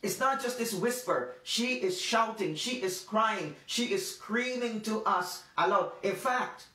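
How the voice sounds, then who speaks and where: A man with a high voice preaches a devotional sermon, leaning hard on key words and repeating them for emphasis. He sits back from the mic, and the room rings around his voice. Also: sharp tone. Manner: emphatic, repetitive preaching with slow stressed phrases. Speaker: pastor. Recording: roomy sound from a distant mic.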